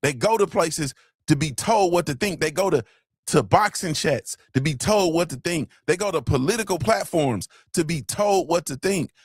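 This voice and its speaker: A man's voice: a little high, lively intonation, normal speed, no echo, studio quality. Man preaching self-discipline on a stream. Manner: preachy, repeats lines for emphasis, "you feel me"; swears casually. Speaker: podcast host. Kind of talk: motivational livestream talk.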